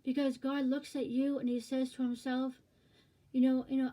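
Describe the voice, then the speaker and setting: Earnest, repetitive woman preacher; warm, slightly high voice. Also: level tone, moderate pace, poor audio. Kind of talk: informal preaching to camera.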